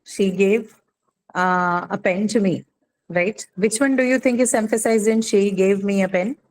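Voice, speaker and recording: A woman's voice: mid-range voice, steady tone, measured pace, a little mellow, low-quality recording. A woman teaching an English grammar class, explaining patiently and often asking "right?" to check understanding.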